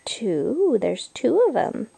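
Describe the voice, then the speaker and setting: A woman filming her toddler at home in the living room, asking him slow, sing-song questions on a home video camera. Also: medium pitch, very animated, gravelly, mellow.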